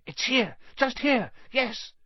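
A man voicing an eager eleven-year-old boy wizard in an audiobook reading, urgent and pitched up. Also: huge pitch swings, normal speed, slightly rough, dry recording, highs cut off, exaggerated voice.

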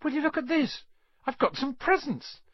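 Reader plays a soft-spoken, wide-eyed boy, pitched high, lively lilt. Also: normal speed, dry recording, lo-fi sound. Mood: surprised, pleased. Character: polite, curious young boy wizard.

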